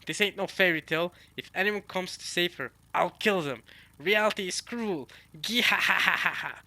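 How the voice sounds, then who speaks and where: A man's voice: on the high side, expressive, moderate pace, no room sound, pitched above the performer's own voice. Man doing a sneering noble villain. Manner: sneering, loud and threatening. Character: cruel arrogant male noble villain.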